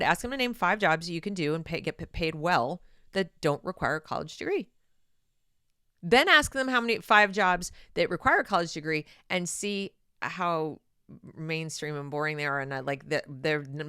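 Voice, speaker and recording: Sarcastic woman with a bright, low voice. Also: normal speed, smooth, no room sound, clean studio sound. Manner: animated, sarcastic, opinionated. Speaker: channel host. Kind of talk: opinion commentary monologue.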